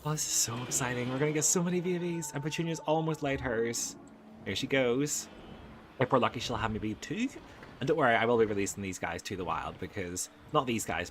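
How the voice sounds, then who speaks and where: A man giving excitable let's play commentary, cooing at the baby creatures in his game. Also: mid-range voice, background noise. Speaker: gaming channel host. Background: game music.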